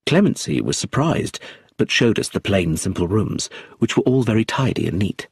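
A man with a husky voice narrating an audiobook in an expressive, measured reading. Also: lowish voice, no echo, clean studio sound.

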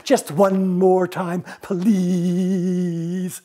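A man voicing a bold, clever young princess in a storybook tale, eager and flattering. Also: high voice, extremely slow, voice pushed up, exaggerated voice.

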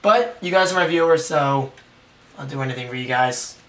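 A young man with a hoarse, raspy voice, excitedly rambling through a casual unboxing vlog. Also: mid-range voice, moderate pace, distant mic. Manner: excited, rambling, self-deprecating. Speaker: tech vlogger.

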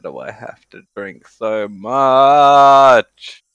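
A young man streaming a game live, tipsy from drinking, exasperated and swearing with loud outbursts. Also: mid-range voice, very slow, smooth, no room sound, highs cut off.

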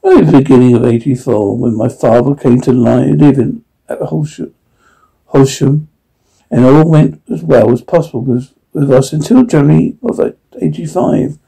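A man reading a classic story aloud in the first person, with frequent halting restarts. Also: mid-range voice, vocal fry, warm tone, slightly rough, poor audio. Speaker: audiobook reader.

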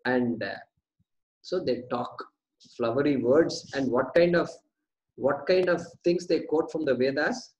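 A man's voice: mid-range voice, measured pace, a little mellow, rough recording. A man teaching a scripture class, breaking terms down word by word, repeating them and asking questions that he then answers himself. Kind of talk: classroom lecture on verses.

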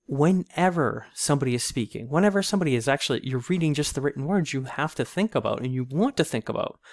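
A man's voice: medium pitch, no room sound, clean studio sound. A man who teaches literature, giving a casual, conversational video lecture and often checking in with "right?". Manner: casual, conversational, frequent "right?" tag questions. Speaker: literature instructor.

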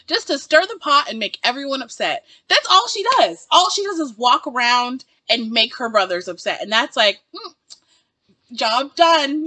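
A woman's voice: sits high, animated, moderate pace, sharp tone, no room sound. A woman giving a casual reaction review of a TV episode, ranting in exasperation and laughing often.

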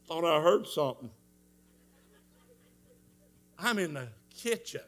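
A man preaching a revival sermon, telling a story with strong emotion, moving from hushed tones to shouts. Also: a little high, animated, takes it slowly, pauses often. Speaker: evangelist preacher.

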